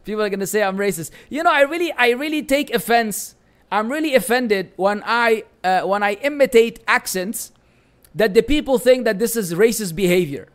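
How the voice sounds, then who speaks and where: A native Arabic-speaking man with a Lebanese accent plays an Islamic teacher fielding viewer questions on a lively, joking live stream peppered with Arabic phrases. His voice is high-pitched and smooth, at a normal speed.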